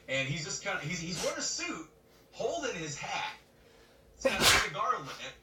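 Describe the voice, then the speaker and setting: A man co-hosting a podcast, telling a story in casual chat, animated and laughing as he acts out other people's lines. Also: high-pitched, normal speed. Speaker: podcast co-host. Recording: roomy webcam mic from a distance, faint noise.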